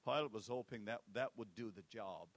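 A man preaching a sermon, swinging between loud declarations and hushed asides and repeating key phrases for effect. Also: on the low side, fairly quick.

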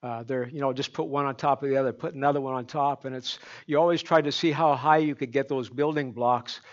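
A man's voice: medium pitch, steady tone, fairly quick, lo-fi sound. A man from Canada preaching a folksy sermon, chatty and joking with the congregation. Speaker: pastor.

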